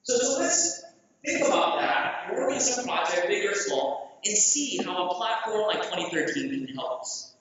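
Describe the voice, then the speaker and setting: Speaker from Southeast Asia; high, animated voice; jokey and quizzes the crowd; long hall echo, heard from a distance. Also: male voice, normal speed. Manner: animated, jokey, asks the audience questions. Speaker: conference speaker. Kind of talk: conference presentation. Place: large conference hall. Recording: echoey hall, distant mic, dull sound.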